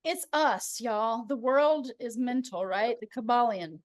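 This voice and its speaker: A woman hosting a casual spiritual chat, telling stories in an animated way and acting out the voices of people she quotes. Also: fairly high pitch, unhurried, dry recording, clean studio sound. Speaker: host.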